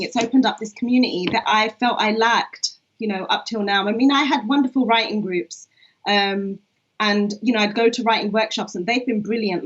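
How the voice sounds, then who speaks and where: A woman poet, talking in a reflective, chatty way with many fillers over a video call. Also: mid-range voice. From England. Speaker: poet and co-host. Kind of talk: casual online conversation. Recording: dull lo-fi online stream.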